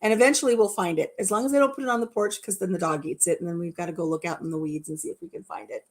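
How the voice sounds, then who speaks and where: A woman in her fifties hosting a live chat and telling stories in a warm, chatty way, laughing at herself. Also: on the low side, rapid-fire. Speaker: host.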